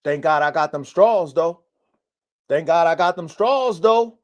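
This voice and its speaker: Speaking a little slowly in a fairly high, expressive voice, this dog breeder runs a casual live-stream podcast about his dogs from home in the mountains. He's blunt and preachy, cursing frequently and saying things twice to drive them home.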